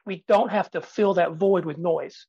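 Man, 50s, podcast guest, emphatic and lively, leans on pauses and quiet drops; dry close sound. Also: high-pitched, creaky, slightly rough, no room sound, lo-fi sound. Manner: energetic, emphatic, uses dramatic pauses and soft drops. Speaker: guest speaker and sales trainer. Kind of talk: podcast interview.

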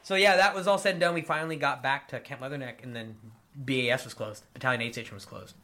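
A young man, a veteran now in police work, telling his story in a casual, animated and profane way. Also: medium pitch, quick pace. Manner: animated, profane, acts out quotes. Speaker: guest, veteran and police officer.

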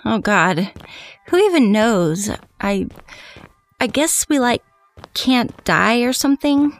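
A woman's voice: fairly high pitch, animated, slow pace, faint music behind. An actress playing a bored, snarky young valley girl in an audio drama.

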